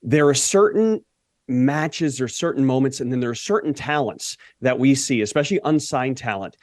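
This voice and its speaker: A man's voice: medium pitch, normal speed, no echo. A man who works as an announcer, co-hosting a casual interview and asking earnest questions. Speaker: announcer, co-host.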